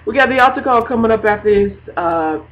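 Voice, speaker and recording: A woman's voice: a little high, lively intonation, quick pace, slight background noise, rough recording. A woman hosting a radio ministry segment, preaching in a chatty, colloquial way and laughing often. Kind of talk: informal radio devotional.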